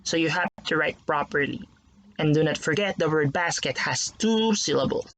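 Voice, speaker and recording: A teacher giving a recorded lesson to young pupils, slowly sounding out words syllable by syllable. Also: mid-range voice, fairly bright tone, slight background noise, rough recording.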